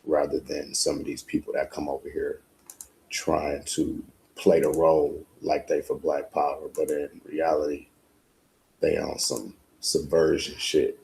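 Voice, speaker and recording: Gravelly deep-voiced man. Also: monotone, measured pace, darkish tone, slight background noise. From United States. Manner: blunt, profane, emphatic. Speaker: podcast host. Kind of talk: casual monologue.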